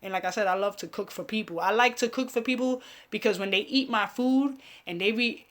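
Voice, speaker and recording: A woman's voice: medium pitch, brisk, a bit bright. Laughing, foul-mouthed woman live-streaming. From Caribbean family, raised speaking Spanish. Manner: profane, laughing, talks to viewers. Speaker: host of a live online show. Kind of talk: casual live-stream chat.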